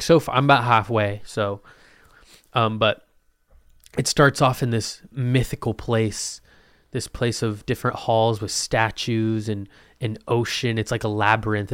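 A man's voice: mid-range voice, clear, resonant tone, dry recording. Casual young male vlogger, profane and jokey, medium voice, dry close recording. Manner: loose, profane, joking, puts on quick voices. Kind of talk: casual chat to camera.

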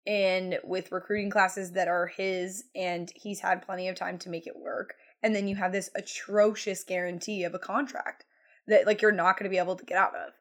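A woman's voice: lowish voice, little pitch movement, normal speed. A woman co-hosting a casual sports talk show, giving careful, tactful opinions. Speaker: co-host.

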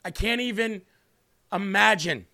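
A man's voice: high-pitched, a little slow, creaky, pushed and bright. A man hosting a live stream, giving earnest, repetitive political commentary while tearing up. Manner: earnest, repetitive, tearful emphasis. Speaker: livestream host.

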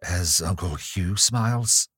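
A man's voice: deep voice, takes it slowly, a bit bright, breathy edge, no echo, studio quality, full character voice. A man voicing a frightened young noblewoman. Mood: uneasy.

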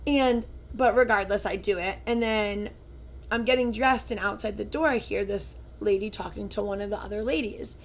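A woman's voice: medium pitch, moderate pace. Woman, 20s, podcast co-host; easygoing storyteller, filler-heavy, faint room hum behind. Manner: chatty storytelling, full of "like" fillers. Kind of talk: casual chat.

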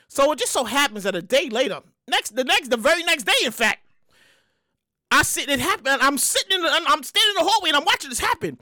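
A woman hosts her own podcast in a loose solo monologue, her voice riding very high with lively, swooping pitch. She sounds bright and punchy, hyped and profane, rambling and repeating herself. The sound is close and dry. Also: a little fast, no echo. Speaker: podcast host.

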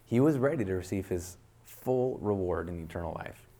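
A man's voice: deep voice, animated, moderate pace, dark tone. A man preaching a sermon, reading a martyr story aloud with earnest, rising emphasis.

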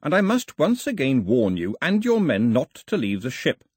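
An audiobook narrator, a man, voicing an officious male company agent who shouts his orders. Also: medium pitch, wildly swooping pitch, normal speed, breathy edge, no room sound, clean studio sound, pitched above the performer's own voice. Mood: commanding. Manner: shouting through a megaphone, officious.

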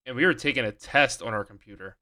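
Bright-voiced young man, rambling casual chat. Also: mid-range voice, quick pace. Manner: rambling storyteller, many fillers and restarts. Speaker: podcast co-host.

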